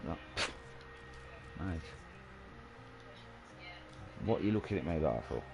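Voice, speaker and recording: A man's voice: very deep voice, lively intonation, takes it slowly, vocal fry. A man chatting casually and swearing while streaming a game. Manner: swearing, rambling storytelling. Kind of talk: casual chat while gaming.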